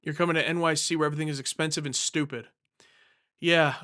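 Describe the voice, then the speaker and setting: A young man hosts a live question-and-answer stream from home, rambling and joking as he answers viewers. His voice is smooth and clear and sits a little high for a man. He often restarts and corrects himself as he talks. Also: fairly even intonation, quick pace, sharp tone. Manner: rambling, self-correcting, jokey. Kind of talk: casual live Q&A chat.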